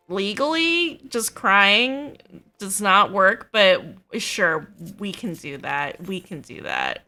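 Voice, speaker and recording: A woman's voice: mid-range voice, big pitch swings, slow, pushed and bright, soft background music. A woman hosting a let's play, commenting in a playful, rambling, self-mocking way. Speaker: gamer host.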